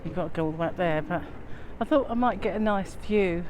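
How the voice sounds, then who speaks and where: Here the same kind of walking vlog comes from a woman with a lowish, slightly mellow voice who talks a little fast. She's from England, rambling chattily with lots of fillers while crossing a windy river bridge, somewhat breathless, with a handheld phone recording. Wind gusts and planes overhead can be heard behind her.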